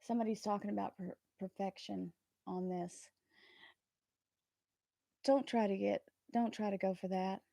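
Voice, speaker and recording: A woman hosting a tarot livestream, talking earnestly and warmly about trust and spirit, often laughing between thoughts. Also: medium pitch, steady tone, measured pace, vocal fry, long pauses, no echo, clean studio sound. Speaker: tarot reader and channel host. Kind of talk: casual livestream chat.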